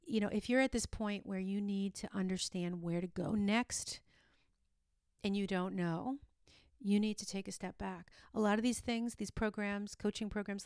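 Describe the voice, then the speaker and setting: Smooth-voiced woman podcast host. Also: mid-range voice, no room sound, clean studio sound. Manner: earnest and encouraging, with frequent restarts and "you know". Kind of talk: motivational solo podcast talk.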